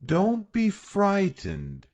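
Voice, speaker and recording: Man doing a talking head, storybook, confident, higher lifted voice, dry close sound. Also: huge pitch swings, drawn-out words, a little mellow, no room sound, full character voice. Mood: reassuring.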